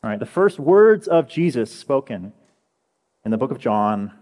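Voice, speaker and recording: A young man preaching a conversational sermon as a pastor, telling stories with animated energy. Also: mid-range voice, moderate pace. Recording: echoey hall with long reverb.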